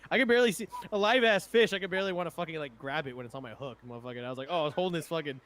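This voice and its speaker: A young man racing through rambling, cuss-filled stories as he banters with his friends. His voice sits a bit high, and he barely pauses between thoughts. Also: a bit bright, a little hiss or hum. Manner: rambling, profane storytelling. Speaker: podcast co-host. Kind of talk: casual banter among friends.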